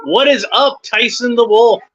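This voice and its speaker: A man's voice: very high-pitched, a little slow, fairly bright tone, breathy edge, highs cut off. A man hosting a livestream watchalong, making wry, joking asides at home. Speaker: host. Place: home room.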